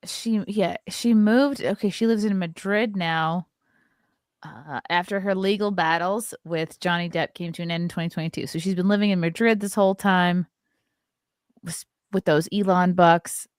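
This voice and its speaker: A woman's voice: on the low side, steady tone, moderate pace, clear, resonant tone, dry recording, clean studio sound. A woman hosting a casual podcast, laughing often and reading viewer messages aloud. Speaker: podcast host reading chat. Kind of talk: casual chat.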